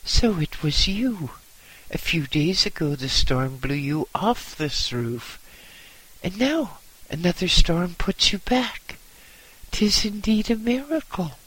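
A simple old monk with a high, eager voice, crying out in wonder at what he has seen, as a male narrator puts him on. His tone is bright and breathy. He speaks slowly and loudly. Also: full character voice, low-quality recording. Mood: amazed. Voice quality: high, excited exclamations.

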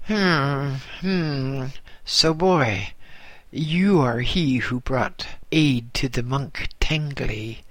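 A man's voice: mid-range voice, extremely slow, a bit bright, no echo, voice pushed up. A man voicing a stern elderly lord abbot who hums and haws before he speaks, in a story read aloud. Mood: appraising. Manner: hesitant, humming and hawing.

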